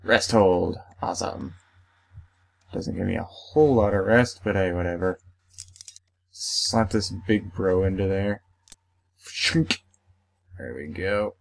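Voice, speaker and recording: In a deep, creaky voice and at a slightly slow pace, a young man narrates his let's play. He chats casually as he plays, voices the game's text out loud, and throws in playful exclamations.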